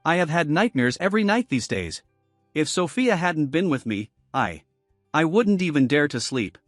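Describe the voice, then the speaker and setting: A scheming young man whines and pities himself in a lively, fairly high voice, read by a male storyteller. The sound is close and dry. Soft music plays behind him. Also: normal speed, dry recording. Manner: whiny, self-pitying.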